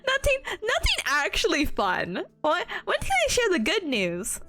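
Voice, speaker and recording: A woman's voice: very high voice, wildly swooping pitch, slow, sharp tone. A woman in her twenties streaming a casual study session, chatting with viewers and reviewing notes, with a slightly sore voice and frequent giggles. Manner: giggly, bubbly, laughs often between lines; chatty, greets viewers, acts out patients. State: sore voice, occasional coughing.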